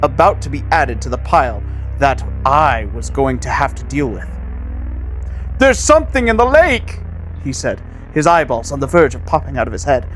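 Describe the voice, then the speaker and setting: A man co-hosting a podcast, reading a story aloud in a low, flat news-anchor style. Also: fairly quick, faint music behind, poor audio. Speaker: podcast co-host and story reader.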